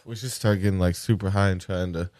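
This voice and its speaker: A man co-hosting a podcast, chatting crudely and laughing loudly. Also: sits low, fairly even intonation, quick pace. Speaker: podcast co-host. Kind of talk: casual chat.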